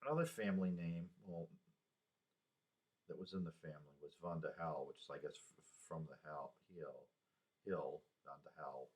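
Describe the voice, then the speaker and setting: A man in his sixties talking through personal memories in a rambling, halting way, with sighs and restarts. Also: very deep voice, darkish tone. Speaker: vlogger. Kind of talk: casual personal monologue.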